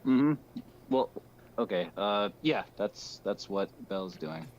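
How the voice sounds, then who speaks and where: A man's voice: lowish voice, lively intonation, slow pace, dull audio. A young man playing in a tabletop game, talking in a hesitant, stammering way. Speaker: player.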